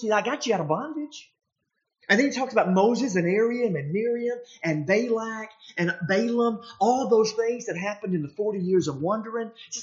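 A preacher giving a sermon in a conversational, animated manner, often restarting phrases and jumping up in pitch to act out the voices in the passage. The voice sits in a middle register. The recording is dull and lo-fi. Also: normal speed. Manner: animated, acts out the quoted voices in a higher pitch.

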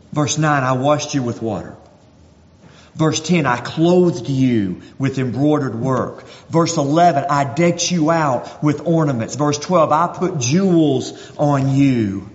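A man's voice: medium pitch, animated, measured pace. A man preaching a sermon, reading scripture verse by verse and voicing God's words with mounting intensity. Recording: dull recording with long hall reverb.

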